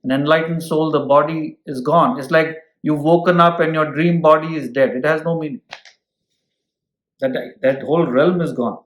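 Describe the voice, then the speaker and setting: A man teaching an ancient scripture at an unhurried pace, stopping to ask his listeners "hmm?" and reaching for everyday examples. His voice sits a little high for a man. The room gives it a noticeable echo. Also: fairly even intonation. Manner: explains with homely examples and asks listeners "hmm?". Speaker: spiritual teacher. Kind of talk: scripture lecture.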